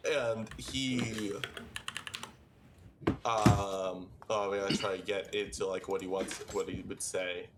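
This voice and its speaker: A man playing in a tabletop game, talking in a halting, emphatic way. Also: lowish voice, level tone, heavy background noise. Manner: halting, lots of fillers and restarts, emphatic. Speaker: player. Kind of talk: casual tabletop game play.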